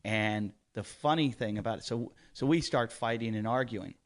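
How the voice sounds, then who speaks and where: A man guesting on a comedy podcast in a studio tells a lively story with plenty of swearing. His voice sits at an ordinary middle pitch. He mimics the people he talks about as he goes. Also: moderate pace. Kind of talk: casual chat, storytelling.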